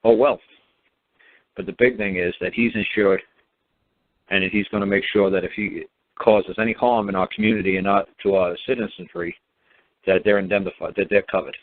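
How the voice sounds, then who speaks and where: A man with a fairly low voice talks through a casual advice monologue in a folksy, rambling, plain-spoken way. He comes through a thin, tinny phone line with the lows and highs cut off. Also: dry recording. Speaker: host.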